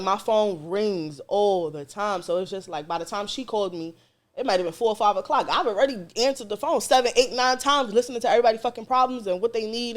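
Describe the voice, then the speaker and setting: A woman co-hosting a podcast, chatting casually and animatedly, laughing often and swearing freely. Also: medium pitch. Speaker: podcast co-host. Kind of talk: casual chat.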